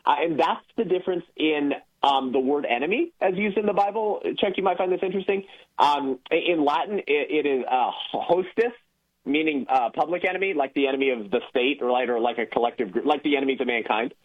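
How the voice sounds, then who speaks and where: A man's voice: a little high, a little fast, slightly rough. A man calling in as a guest on a radio talk show, explaining at length with frequent fillers. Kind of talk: casual radio conversation. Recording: tinny phone line.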